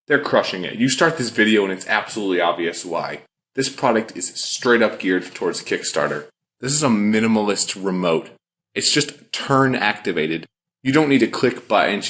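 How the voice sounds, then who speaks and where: A man with a fairly low voice hosts a podcast. He talks in an upbeat, enthusiastic way, rattling off his points in quick succession like a seasoned commentator. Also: a bit bright. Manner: upbeat, enthusiastic, quick rapid-fire delivery. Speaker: podcast host.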